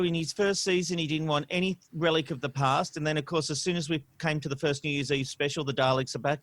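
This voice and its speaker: A man co-hosting a podcast, talking in an opinionated, animated way with frequent "you know" and "um". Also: fairly high pitch, dry recording. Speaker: podcast co-host. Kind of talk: casual podcast discussion. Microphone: studio microphone.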